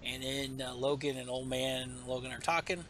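A man's voice: medium pitch, little pitch movement, normal speed, a bit bright, slight background noise. A man casually recapping a comic issue, reading the dialogue aloud with lots of fillers. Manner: rambling, reads dialogue in a plain voice with fillers. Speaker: comic book podcast host.

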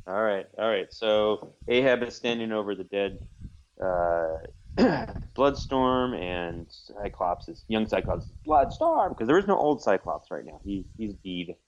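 Co-host retelling comics with lively, expressive delivery; low voice on dull call audio. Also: male voice, unhurried. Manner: animated retelling with acted voices. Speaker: podcast co-host. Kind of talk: casual comic book discussion. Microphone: remote call.

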